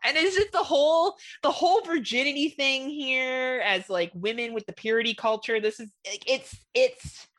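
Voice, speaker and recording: A woman in her thirties co-hosting a podcast, chatting casually about a movie, animated, laughing often and acting out quoted lines. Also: sits high, normal speed, hardly any pauses. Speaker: podcast co-host. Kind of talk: casual movie review chat.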